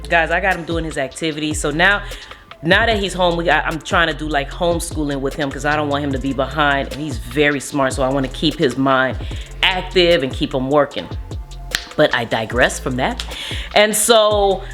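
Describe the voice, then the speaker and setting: Young woman, casual storyteller, low-set voice, animated retelling over faint music. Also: normal speed. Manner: animated retelling, acts out quotes. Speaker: vlogger, mother.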